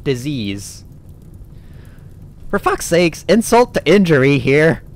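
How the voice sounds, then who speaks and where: A man giving sweary, animated let's-play commentary as a gaming YouTuber, laughing often. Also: on the high side, slow pace, soft background music.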